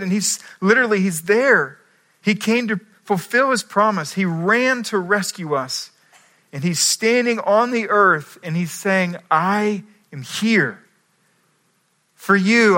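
A man preaching a sermon as pastor, earnest, moving between quiet asides and emphatic climaxes. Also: sits high.

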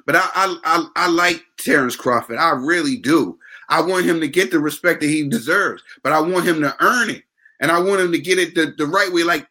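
Podcast co-host, man, high bright voice, heated and rambling. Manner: passionate ranting, repeats himself. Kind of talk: casual boxing chat.

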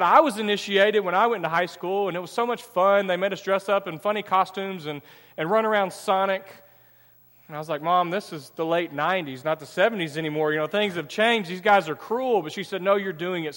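A pastor with a high-sitting, slightly bright voice preaches a sermon, sharing a personal story conversationally and acting out its dialogue, all echoing in the long reverb of a church hall.

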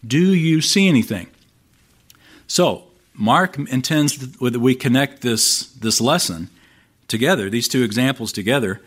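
A man of medium pitch preaching from the pulpit. He talks in a plain, conversational way, with dry humor in his asides. When he reads scripture he puts real emphasis on the questions. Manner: conversational, wry asides, lively quoting of scripture. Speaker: pastor. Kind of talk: sermon.

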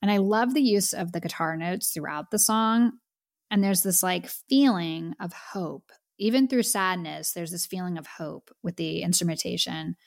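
A woman's voice: fairly low pitch, moderate pace, vocal fry, no echo, clean studio sound. A woman co-hosting a podcast, chatting with enthusiasm about an album and saying "like" a lot. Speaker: podcast co-host. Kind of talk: casual music review chat.

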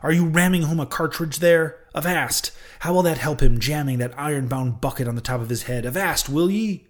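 A man reading an audiobook voices an impatient male ship's mate who scolds in sharp exclamations. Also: a little high, brisk, close to an everyday voice. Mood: scolding.

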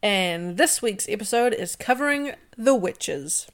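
A woman's voice: medium pitch, animated, unhurried. Chatty New woman co-host. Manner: chatty, self-correcting. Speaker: podcast co-host. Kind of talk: casual chat.

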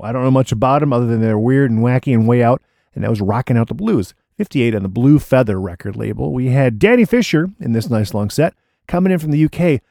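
A male radio DJ with a gravelly, mellow voice, talking up records in easygoing, enthusiastic patter. The sound is close and dry, like a small studio booth. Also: medium pitch, no room sound. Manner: chatty and enthusiastic about records. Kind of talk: laid-back radio DJ patter.

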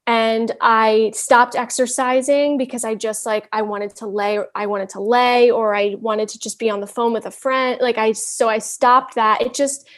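A woman guest in a podcast interview, speaking in an earnest, candid way with halting restarts. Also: on the high side, steady tone. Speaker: interview guest, wellness counselor. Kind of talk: casual interview chat.

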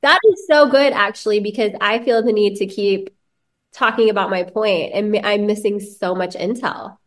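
A woman's voice: mid-range voice, normal speed. A woman co-hosting a podcast, chatting enthusiastically with lots of filler words and asking the guest questions. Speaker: podcast co-host. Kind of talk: casual chat.

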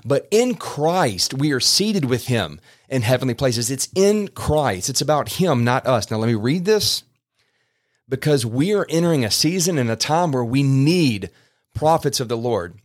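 An earnest man talks into a podcast microphone about faith. He rambles and restarts often, and his voice sits at an ordinary middle pitch. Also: sing-song, unhurried. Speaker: podcast host. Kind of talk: casual podcast preaching.

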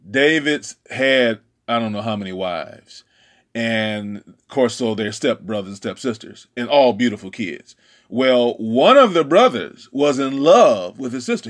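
A man preaching, retelling a story and acting out the dialogue in character voices. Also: medium pitch. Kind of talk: sermon storytelling.

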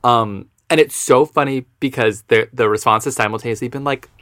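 A man co-hosting a podcast in casual chat, gushing and animated, with lots of "like". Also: medium pitch, brisk, dry recording, clean studio sound. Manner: gushing, animated, says "like" often. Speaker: podcast co-host.

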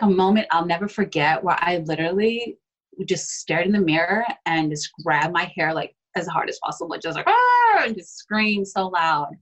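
Low-voiced woman, candid podcast guest. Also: a bit bright, rough recording. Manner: open and emotional, with frequent filler words. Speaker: guest, adoptee. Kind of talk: casual conversation.

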